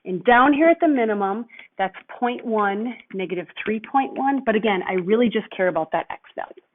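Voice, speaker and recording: A woman's voice: medium pitch, animated, a little fast, a little hiss or hum. Woman math teacher, patient step-by-step explainer, thin phone-like sound quality. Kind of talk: recorded lesson walkthrough. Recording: tinny phone-like audio.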